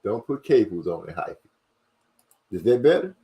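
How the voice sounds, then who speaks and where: A man hosting a casual livestream, reading viewer comments aloud and rushing and stumbling over his words. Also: fairly low pitch, sing-song, mellow. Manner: fast-talking, rushes and stumbles over words. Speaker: livestream host.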